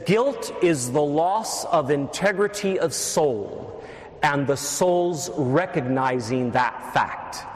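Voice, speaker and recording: A man preaching a sermon as a priest, teaching steadily with wry asides to the congregation. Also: a little high. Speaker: Catholic priest. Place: church. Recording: echoey church reverb.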